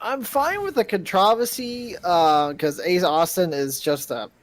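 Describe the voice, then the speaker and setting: A man's voice: high voice, lively intonation, measured pace, a little hiss or hum, rough recording. A man co-hosting a casual wrestling podcast, laid-back and a bit hesitant, laughing along with his partner. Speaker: podcast co-host.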